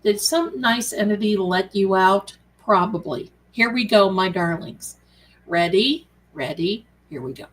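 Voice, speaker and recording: Slow-talking chatty woman tarot host. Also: mid-range voice, lively intonation, rough recording. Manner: affectionate, calls viewers "my darlings"; chatty and rambling, reads out viewer comments. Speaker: tarot reader hosting a live stream. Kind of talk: casual live-stream chat with viewers.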